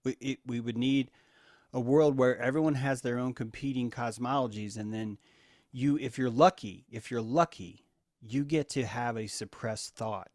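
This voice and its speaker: A man in a group discussion, answering thoughtfully and haltingly. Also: mid-range voice, a little mellow, dry recording, clean studio sound. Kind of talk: reflective casual discussion.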